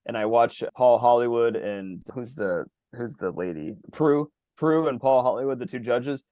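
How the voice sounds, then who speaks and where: A man co-hosting a podcast in casual chat over a video call. He gets animated, swears freely and acts out exaggerated reactions. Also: medium pitch, moderate pace, dry recording. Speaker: podcast co-host.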